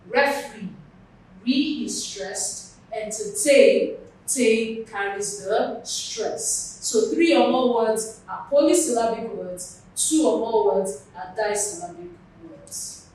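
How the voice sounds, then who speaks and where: A woman from Nigeria teaching an exam lesson in a slow, deliberate way, repeating and spelling out words at a board in a classroom. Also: on the high side. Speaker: exam tutor. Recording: echoey room from far off with faint noise.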